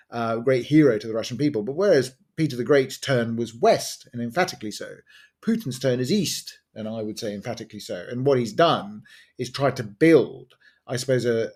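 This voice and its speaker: A man co-hosting a podcast, talking quickly through a long answer with many asides and fillers. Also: mid-range voice, darkish tone. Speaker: podcast co-host. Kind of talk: conversational expert discussion.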